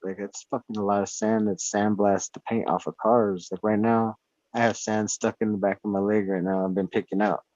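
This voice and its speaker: A man in casual chat, talking at home in a rambling, profane, animated way. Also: lowish voice, no room sound. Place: indoors at home. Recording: dull lo-fi sound.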